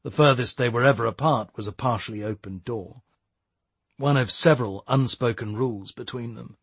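Husky male audiobook narrator. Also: medium pitch, dry recording. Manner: steady, measured storytelling. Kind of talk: scripted narration.

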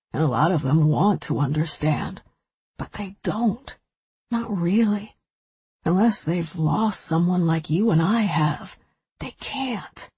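A woman reading a first-person novel aloud, intimate and emotional. Her voice is low and very husky, almost breathy. The close studio recording is dry, with no room sound. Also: dark tone, no echo. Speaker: audiobook narrator.

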